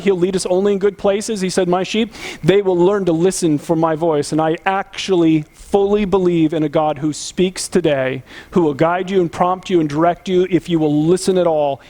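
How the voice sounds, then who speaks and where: A man's voice: sits high, fairly even intonation, moderate pace, darkish tone. A man. He preaches with earnest emphasis and keeps turning to the congregation with direct questions. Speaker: pastor. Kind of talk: conversational sermon.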